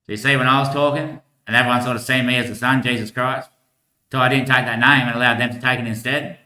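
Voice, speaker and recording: A man's voice: medium pitch, fairly even intonation, fast talker, bright, forceful tone. A man talking in a long rambling monologue, laughing between thoughts. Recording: echoey room.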